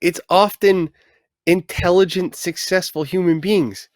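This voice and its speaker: A man's voice: high-pitched, steady tone, measured pace, no echo, clean studio sound. A man hosting a podcast in casual conversation, thinking aloud about how contractors present themselves. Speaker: podcast host, painting contractor.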